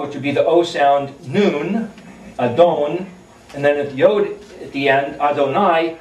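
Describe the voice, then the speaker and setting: A man with a slightly high voice teaches from scripture. He spells out Hebrew letters one by one and thinks aloud as he explains. The sound carries a roomy echo from a mic set some distance away. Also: a little mellow. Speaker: Bible teacher. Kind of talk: recorded Bible teaching. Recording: echoey room, mic at a distance.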